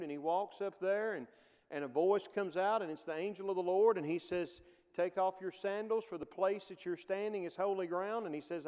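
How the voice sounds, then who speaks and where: A man's voice: high-pitched, a little mellow, long reverb tail. A man teaching a casual Bible class in a church, talking conversationally with frequent chuckles and acting out the quoted lines.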